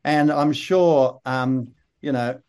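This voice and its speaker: An older man with a broad Australian accent, telling relaxed, rambling anecdotes with dry humour as an interview guest. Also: medium pitch, slow, smooth. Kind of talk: casual interview storytelling.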